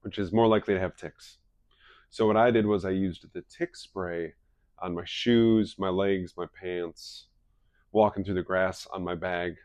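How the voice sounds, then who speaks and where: A man's voice: low voice, fairly even intonation, unhurried, a little mellow, no echo. A man giving a casual presentation to a small live audience, telling chatty stories and laughing at his own anecdotes. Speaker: wellness presenter.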